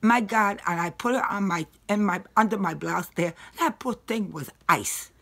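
A woman's voice: medium pitch, moderate pace, vocal fry, fairly bright tone. Rambling, salty-tongued woman at home. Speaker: dog owner giving up her pets. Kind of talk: casual chat. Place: indoors in her home.

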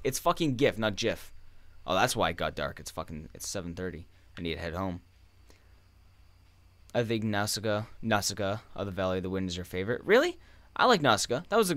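A man's voice: fairly low pitch, a bit bright, no room sound. A young man chatting casually while playing a game, rambling and swearing as he rants. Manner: profane, ranting, rambling. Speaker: gaming streamer. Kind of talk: casual gameplay commentary.

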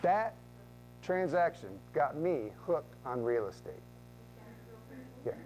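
A middle-aged man giving a motivational talk as a real estate speaker, telling stories with lively back-and-forth dialogue. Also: fairly high pitch, slow pace, a little hiss or hum, poor audio. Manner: animated, acts out both sides of conversations.

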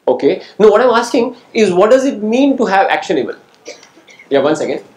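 A man speaks as a guest lecturer, calling on students and testing them with questions. His voice sits a little high for a man. The sound carries the echo of a lecture hall. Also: sing-song, fairly quick, a little mellow. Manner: engaging, quizzes the audience and calls on people; asks "right?" to check understanding.

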